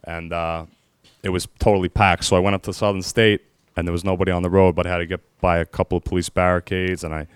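A man telling his own story as a firefighter, halting and emotional, pausing often with fillers. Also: low voice, flat delivery, clean tone, no echo. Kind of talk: personal storytelling.

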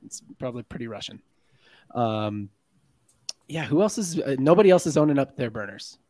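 A man's voice: mid-range voice, animated, moderate pace, mellow. A man hosting a casual sports podcast, joking, laughing and reading the live chat aloud. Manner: jokey, laughs often, reads chat comments aloud. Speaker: podcast host.

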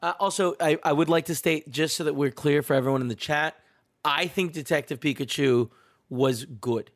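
A man's voice: fairly high pitch, normal speed. Blunt contrarian man. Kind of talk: casual chat.

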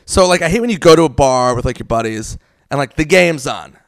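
A man's voice: fairly high pitch, animated, brisk, dry recording, clean studio sound. A man telling stories in a casual podcast chat, swearing freely and rambling. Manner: profane, rambling storyteller.

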